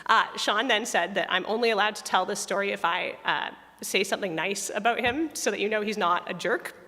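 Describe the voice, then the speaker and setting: A woman's voice: medium pitch, a little fast, pushed and bright. A woman music director speaking to a congregation in a chatty, self-deprecating way, with her voice giving out a little. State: losing her voice. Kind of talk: spoken reflection in a church service. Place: church sanctuary. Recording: long hall reverb.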